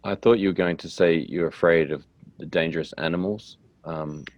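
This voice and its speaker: An Australian man hosting a relaxed, chatty conversation. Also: deep voice, moderate pace. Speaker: English teacher, host. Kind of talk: casual conversation.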